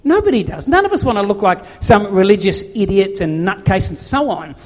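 A high-pitched man delivers a storytelling sermon with animated, self-deprecating energy. His voice carries a long reverb from a large hall. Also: a little fast. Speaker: preacher.

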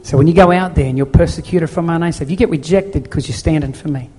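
A man's voice: a little high, fast talker, warm tone, breathy edge. A man preaching a sermon as pastor in a church, earnest and pleading, with many rhetorical questions.

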